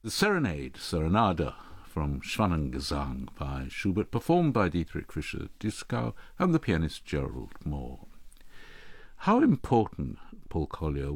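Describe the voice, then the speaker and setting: A man interviewing a guest, asking calm and articulate questions and introducing music. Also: very deep voice, unhurried, slightly rough, no room sound.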